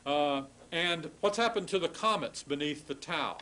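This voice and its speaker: A man giving a recorded classroom lecture on grammar, explaining patiently, sounding out word forms slowly, and apologizing wryly for irregular forms. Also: fairly high pitch, animated, sharp tone, a little hiss or hum, rough recording. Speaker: language instructor.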